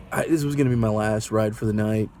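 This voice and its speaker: Guy driver rambling thru a sketchy ride story, warm low-key tone, keeps asking what would you do. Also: fairly even intonation, a little fast, a little hiss or hum. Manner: rambling, anxious, asks the viewer rhetorical questions. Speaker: rideshare driver. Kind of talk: casual storytelling vlog.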